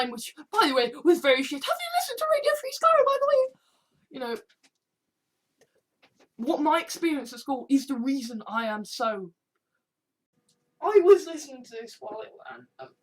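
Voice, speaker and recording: A man's voice: very high voice, a bit bright. A man talking casually in a vlog, rambling with lots of fillers and stammered restarts. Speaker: online video creator.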